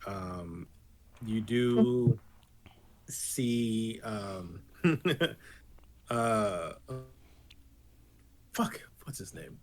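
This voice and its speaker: A man running a tabletop game as game master, talking casually with many pauses and fillers, and the odd swear. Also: fairly low pitch, darkish tone, a little hiss or hum.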